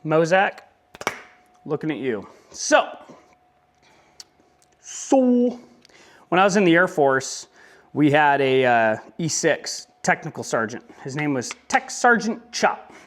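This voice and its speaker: A man's voice: on the high side, very animated, takes it slowly, long pauses. A young man talking casually in a motorcycle vlog, rambling with joking asides. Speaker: motovlogger.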